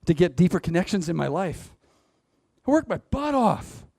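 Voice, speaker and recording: Delivering motivation from the stage, this speaker talks straight to the audience and laughs at his own jokes. His high-sitting voice is gravelly yet mellow, with big pitch swings at a moderate pace, recorded dry in studio quality.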